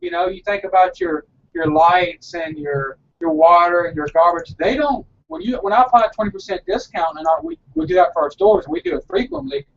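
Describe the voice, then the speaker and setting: A man's voice: sits high, brisk, creaky, few pauses, far from the mic. Male shop owner, earnest rambler; dull lo-fi recording, faint background noise. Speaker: frozen yogurt shop owner. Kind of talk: casual live broadcast chat.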